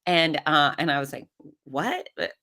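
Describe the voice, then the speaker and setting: A woman's voice: deep voice, measured pace. A middle-aged woman, a podcast guest, telling a personal story in conversation and acting out the voices she quotes. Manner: animated, acts out quoted voices.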